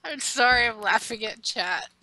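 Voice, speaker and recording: A woman's voice: on the high side, measured pace, sharp tone, poor audio. A woman co-hosting a casual gaming podcast, chiming in with playful remarks and frequent giggles. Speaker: podcast co-host. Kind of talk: casual live podcast chat.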